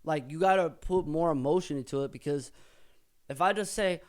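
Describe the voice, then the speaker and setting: A man whose smooth voice is a little high speaks at a moderate pace about his own rap lyrics. Older than he was, he's casual and profane, raps some excerpts, and revises his thoughts aloud as he goes.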